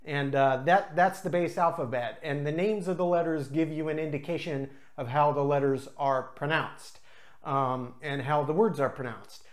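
With a medium-pitched voice, the host of a craft beer channel tastes and talks through beers. The delivery is casual and unscripted, chatty and dotted with filler pauses.

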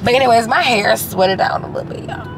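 A woman's voice: fairly high pitch, lively intonation, a little fast, background noise. Chatty Southern woman vlogging from a car. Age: 20s. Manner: chatty, addresses viewers as y'all. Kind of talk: casual chat to camera. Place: in a car at a drive-through.

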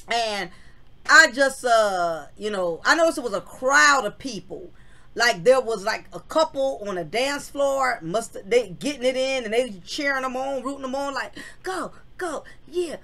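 A woman's voice: mid-range voice, pushed and bright. Frank, slangy woman telling a story. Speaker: channel host telling a personal story. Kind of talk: casual storytelling vlog.

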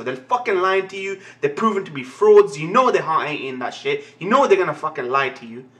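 A young man giving a live anime reaction, excitable and ranting, swearing constantly. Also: on the high side. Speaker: anime reaction channel host.

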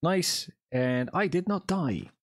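A young man livestreams a game, chatting casually to viewers with jokes, swearing, and jokey self-talk as he plays. His voice is a little high, expressive, and slow-paced, recorded at studio quality with no echo.

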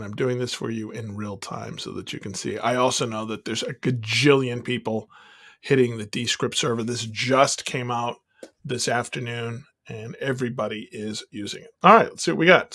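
A man hosting a tech tutorial, chatting excitedly and thinking aloud as he clicks through a software demo. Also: mid-range voice. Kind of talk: casual screen-recorded software demo.

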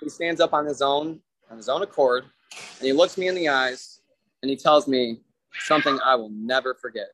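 A man's voice: mid-range voice, moderate pace, background noise. A man appearing as a defendant over a video call, telling a long, meandering joke story full of fillers.

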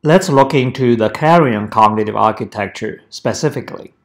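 A professor giving a prepared lecture, speaking in measured, deliberate phrases. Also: male voice, on the low side. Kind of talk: prepared academic presentation.

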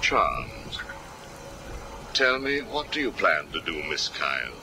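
Game villain psychiatrist: very low, slow, coldly menacing, lively inflection, music bed. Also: male voice, noisy background, full character voice. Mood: menacing calm. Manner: slow, measured, coolly menacing interrogation. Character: cold calculating male villain psychiatrist, middle-aged. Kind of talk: video game cutscene acting. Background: background music.

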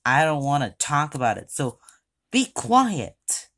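A woman voicing a bratty young logo character in a whiny tantrum, shouting rudely in an amateur skit. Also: a bass voice, lively intonation, moderate pace. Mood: angry tantrum.

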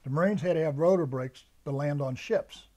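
A man's voice: fairly high pitch, fairly quick, dark tone. An older American man, a veteran, recalling his service in a rambling, storytelling way and acting out the orders he was given. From United States. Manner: storytelling, acts out the sergeants' orders. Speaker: veteran interviewee. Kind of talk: oral history recollection.

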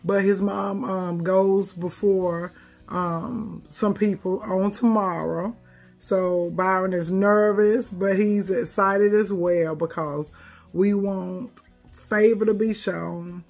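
A woman's voice: mid-range voice, steady tone, slow pace, darkish tone, faint music behind. A woman hosting a casual live stream, emotional and teary, laughing through tears as she speaks.

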